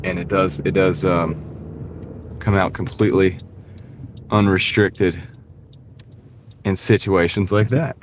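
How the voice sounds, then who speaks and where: A man's voice: low-pitched, steady tone, slow pace, long pauses, background noise. A man with a light Southern US accent chatting casually on a livestream from his car, rambling and answering viewer comments. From American South. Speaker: delivery driver livestreamer. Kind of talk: casual livestream chat while driving. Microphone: wireless clip-on mic.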